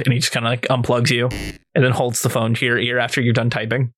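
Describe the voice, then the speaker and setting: A man's voice: medium pitch, fast, a bit bright, dry recording, studio quality. A man running a tabletop game as game master, casual, laughing often and swearing.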